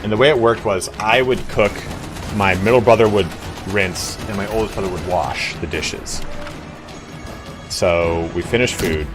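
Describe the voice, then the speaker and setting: Crude, animated young male streamer. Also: lowish voice, unhurried, music in the background. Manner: animated, crude, acts out the voices in his stories. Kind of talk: casual storytelling while gaming.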